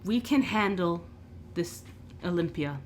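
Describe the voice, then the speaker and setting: Battered devout prisoner, male, earnest and soft, voiced by a woman, slow. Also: fairly low pitch, expressive, a little hiss or hum.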